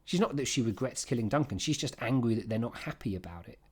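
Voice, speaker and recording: A man giving an informal, emphatic revision lesson on a play, with quick asides and restarts. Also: mid-range voice, animated, darkish tone, husky. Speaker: English literature teacher.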